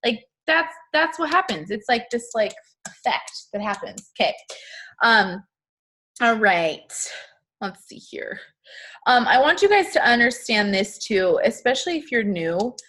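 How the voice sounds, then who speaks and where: A woman's voice: a little high, sing-song, unhurried, fairly bright tone. A young adult woman giving a casual motivational talk to her team, chatty and upbeat with lots of "like" fillers. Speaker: network marketing team leader.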